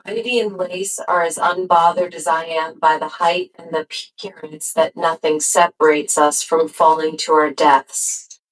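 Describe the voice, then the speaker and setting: A woman with a lowish voice narrates a novel in the first person. She reads slowly and deliberately and lets each phrase settle before the next. The delivery is a steady audiobook read. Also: low-quality recording. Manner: measured, unhurried storytelling.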